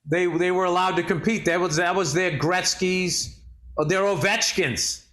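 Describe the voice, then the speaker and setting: A man with a slightly high voice chats casually with his co-host on a podcast mic. He rambles through sports trivia, filling the pauses with ums and likes. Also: steady tone, fairly bright tone. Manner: chatty sports trivia talk with fillers.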